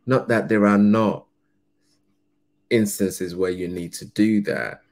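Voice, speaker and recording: Deep, slow-speaking male reaction host. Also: steady tone. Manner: earnest, musing, with restarts. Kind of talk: reflective reaction commentary.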